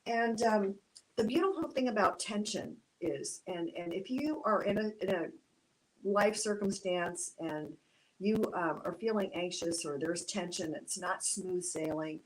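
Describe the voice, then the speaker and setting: Woman art teacher, mid-pitched voice, casual and reflective, plenty of ums and restarts. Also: unhurried, low-quality recording. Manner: reflective, gently encouraging, many fillers and restarts. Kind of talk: casual instructional talk.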